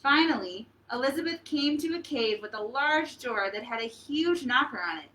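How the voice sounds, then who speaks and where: A woman leading a preschool storytime as librarian, reading aloud and singing with a cheerful, animated manner. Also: sits high, normal speed, roomy sound. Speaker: children's librarian. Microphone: fixed camera.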